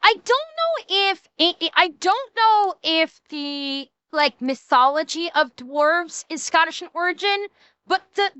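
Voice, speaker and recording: A young woman reacts on a live stream, ranting and cursing in exasperation. Her voice is high and bright and she talks at an unhurried pace. The sound is dry and close. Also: lively intonation, no echo.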